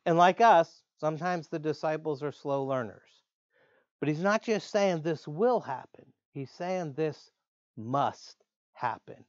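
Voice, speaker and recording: A man preaching a sermon in an earnest way, slowing down to stress key words. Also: fairly high pitch, dry recording. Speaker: pastor. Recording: dull lo-fi dry sound.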